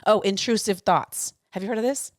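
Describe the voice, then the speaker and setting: A woman's voice: medium pitch, brisk, no room sound, clean studio sound. A tired young woman co-hosting a podcast, talking candidly in a rambling casual chat. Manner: candid, hedging, rambling with restarts. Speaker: podcast co-host.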